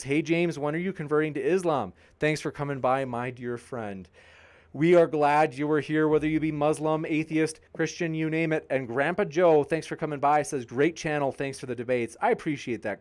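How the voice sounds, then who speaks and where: A man hosting a live debate stream, reading viewer comments aloud and answering them with upbeat, jokey banter. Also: on the high side. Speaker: debate channel host.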